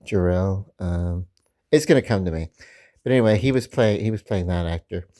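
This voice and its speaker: A man's voice: sits low, animated, normal speed, mellow. A man with a Southern accent, rambling casually through a video, full of fillers and restarts. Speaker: comic book vlogger.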